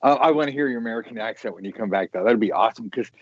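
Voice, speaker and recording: A man's voice: medium pitch, racing, no echo. A playful man hosts a casual talk show, joking and laughing between questions. The sound is dry and close, with no room around it. It is also dull, with a muffled lo-fi quality. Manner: jokey, playful, laughs often. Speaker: show host. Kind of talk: casual chat.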